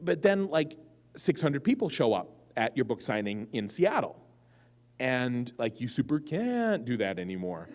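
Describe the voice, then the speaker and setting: A man's voice: mid-range voice, big pitch swings, unhurried. Rambling man telling stories to a crowd. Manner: rambling, digressive, self-mocking. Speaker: guest author answering audience questions. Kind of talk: live convention Q&A storytelling. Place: convention stage before a live audience.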